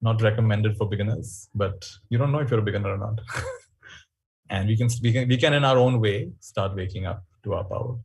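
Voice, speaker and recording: Husky male speaker leading a webinar, storytelling, animated and reflective. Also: lowish voice, brisk. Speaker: workshop speaker. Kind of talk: webinar talk.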